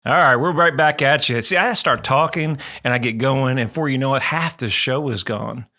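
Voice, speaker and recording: A man's voice: mid-range voice, normal speed, bright, forceful tone, soft background music. A man hosting a radio talk show about real estate in a rambling, chatty, folksy way.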